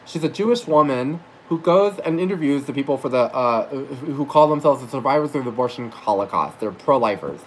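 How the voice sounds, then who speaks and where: Male vlogger, gushing and rambling, swears freely, mid-pitched voice, faint noise behind. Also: lively intonation, a little fast, hardly any pauses, rough recording. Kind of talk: casual storytelling vlog.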